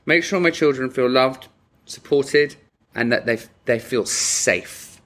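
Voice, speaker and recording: A man co-hosting a podcast in casual chat, animated and emotional, swearing freely. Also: medium pitch, slow pace. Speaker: podcast co-host.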